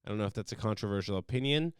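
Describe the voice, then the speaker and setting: This young US host of a casual solo podcast talks very fast in a lowish, clean voice, rambling animatedly across topics and launching into loud, silly voices. The studio-quality audio has no room sound.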